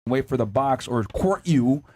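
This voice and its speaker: A man hosting a heated panel debate, telling an animated, profane story to make his point. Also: mid-range voice, a little slow. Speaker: podcast host.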